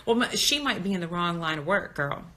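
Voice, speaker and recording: Thirties woman, candid talkative live-stream host on her phone, lowish pitch with a bright edge. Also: animated, fairly quick. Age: 30s. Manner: candid, talkative, reads comments aloud. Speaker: birth educator on Instagram live. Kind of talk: casual live-stream chat.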